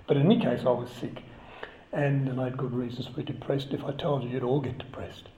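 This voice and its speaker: A man's voice: mid-range voice, steady tone, fairly quick, mellow, a little hiss or hum. A man giving a chatty, conversational sermon and joking with the congregation. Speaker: preacher. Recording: echoey, slightly dull church recording.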